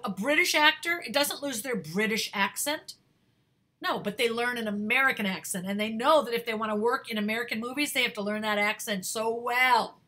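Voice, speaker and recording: A woman talent manager giving career advice to actors, energetic and emphatic, repeating words for stress and searching for words with fillers. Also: fairly high pitch. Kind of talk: advice talk to camera.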